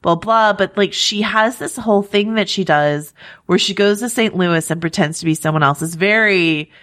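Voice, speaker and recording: A woman co-hosting a podcast, chatting casually about a TV show with wry, quick asides. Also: medium pitch, a bit bright. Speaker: podcast co-host. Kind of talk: casual TV recap discussion.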